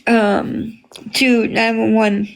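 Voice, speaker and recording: A woman in a casual livestream chat, talking to her viewers at an unhurried, drawn-out pace. Her voice sits a little high and has a gravelly edge. She greets people by name and fills her pauses with ums. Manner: chatty, greets viewers by name, many fillers. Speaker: livestream host reading chat.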